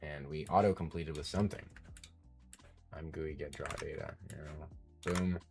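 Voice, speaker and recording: A man's voice: a bass voice, fairly even intonation, moderate pace, creaky, over music. A man live-streaming his coding, thinking aloud as he works, muttering code names and getting frustrated at bugs.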